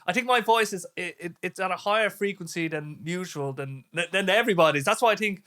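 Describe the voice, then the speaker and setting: A young Irish man hosting a casual podcast chat, loud and animated, laughing often. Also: high voice, fairly quick. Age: young adult. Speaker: podcast host.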